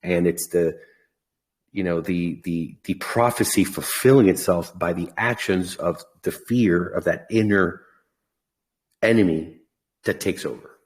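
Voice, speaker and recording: Male podcast host, low register, casual, upbeat, jokey, encouraging, video-call sound. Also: a little slow. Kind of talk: casual chat.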